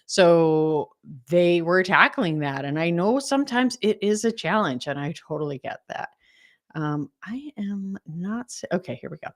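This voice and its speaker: A woman's voice: on the low side, fairly bright tone. A middle-aged woman hosting a casual livestream from home, gushing and greeting viewers by name. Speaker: livestream host and decluttering coach. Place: home, recording on Vancouver Island. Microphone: camera live stream.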